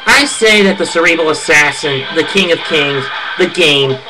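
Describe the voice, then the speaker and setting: Man, fairly high voice, casual monologue, opinionated, heated rants, clear music underneath. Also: moderate pace, poor audio. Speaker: wrestling fan giving event predictions.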